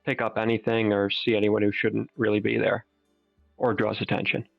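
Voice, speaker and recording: Gravelly-voiced male player on a dull mic. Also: lowish voice, little pitch movement, moderate pace, no room sound, soft background music. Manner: casual, hesitant. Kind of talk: tabletop game play.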